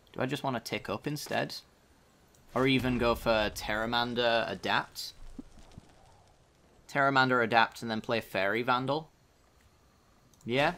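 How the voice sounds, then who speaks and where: A man's voice: mid-range voice, sharp tone, a little hiss or hum. Casual man thinking aloud over a card game. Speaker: gaming channel host.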